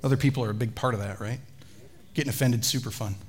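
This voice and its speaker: A man, a pastor, preaching a sermon with animated storytelling and chatty asides to the congregation. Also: mid-range voice, quick pace.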